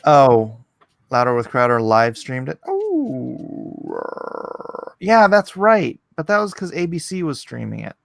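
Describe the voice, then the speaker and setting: A man hosting a casual livestream, animated and jokey, reading chat and bantering with his co-host. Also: medium pitch, moderate pace, creaky, no echo. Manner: animated and jokey, breaks into laughs.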